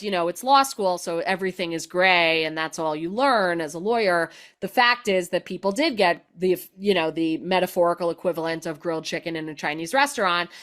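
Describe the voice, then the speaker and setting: Brief: middle-aged woman, comic storyteller, lively and chatty, mid-pitched. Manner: animated, explanatory, filler-heavy with "like". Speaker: guest comedian. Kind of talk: conversational storytelling.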